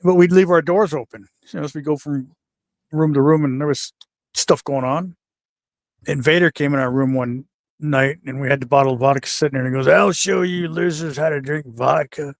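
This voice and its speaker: An older man telling backstage stories in a casual, animated way, acting out the voices of the people in them. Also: fairly high pitch, a little fast, gravelly, dry recording, studio quality. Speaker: guest wrestler telling stories. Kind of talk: casual storytelling.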